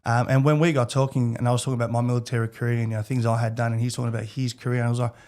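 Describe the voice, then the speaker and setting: A man's voice: medium pitch, flat delivery, racing, a little mellow. A man in his thirties with an Australian accent, a podcast guest talking candidly and rambling, with many restarts. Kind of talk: casual interview chat.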